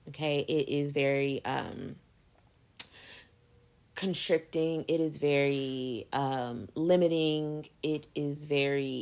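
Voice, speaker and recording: Young woman giving a pep talk, candid, kinda low voice, swears and says baby a lot. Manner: candid, emphatic, swears freely, calls listeners baby. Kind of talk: casual motivational monologue.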